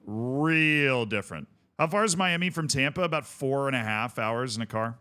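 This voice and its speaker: A man's voice: medium pitch, lively intonation, normal speed, bright, forceful tone, smooth. A man streaming a game, chatting casually with viewers in rambling, jokey asides. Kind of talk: casual gaming stream chat.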